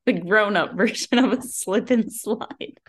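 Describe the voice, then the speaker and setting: A woman co-hosting a podcast, chatting casually about a book, joking and laughing a lot with deadpan asides. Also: medium pitch, a little slow. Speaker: podcast co-host. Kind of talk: casual book review chat.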